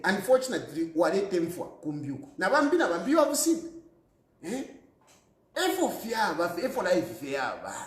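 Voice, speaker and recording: A man's voice: high-pitched, roomy sound. A man with a Zambian accent giving emphatic political commentary, repeating his points and laughing often. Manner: emphatic, repetitive, mixes English and Bemba, laughs often.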